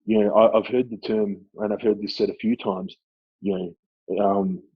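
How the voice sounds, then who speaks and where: A man with an Australian accent, a former club footballer, chatting casually as a guest and telling lively stories. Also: fairly low pitch, normal speed, slightly rough, no echo, highs cut off. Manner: animated storyteller, laughs often. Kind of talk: casual chat.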